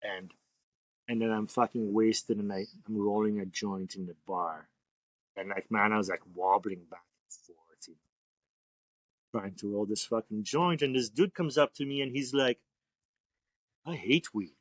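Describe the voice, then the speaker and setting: A man's voice: lowish voice, fairly even intonation, normal speed, dry recording. A man speaking as a tattoo artist guest on a podcast, telling rambling, profane stories in a laid-back way. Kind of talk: casual storytelling interview.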